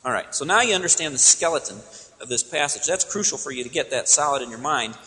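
A man's voice: on the high side, animated, fast, pushed and bright. Emphatic preacher man in a reverberant hall. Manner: emphatic, teacherly, asks and answers own questions. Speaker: pastor. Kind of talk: expository sermon.

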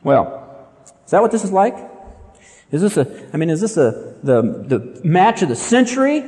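Male pastor, dramatic sermon storyteller, high and expressive, big reverberant sanctuary. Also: normal speed. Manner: animated, dramatic storytelling with acted-out quotes.

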